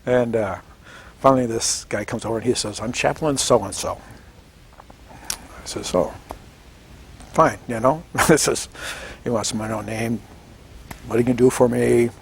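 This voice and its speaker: A gravelly-voiced man in his seventies from Washington State, recounting his memories in an oral history interview. He tells it in a lively storytelling way, acting out quoted voices and chuckling often. A faint hiss sits behind his voice. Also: medium pitch, unhurried, pauses often. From Washington State, United States. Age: 70s. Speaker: veteran interviewee.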